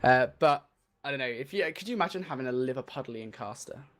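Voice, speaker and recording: A young English man co-casting an esports match, chatty and quick to laugh in rambling asides. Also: medium pitch, expressive, a bit bright. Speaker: esports caster. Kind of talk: live match commentary.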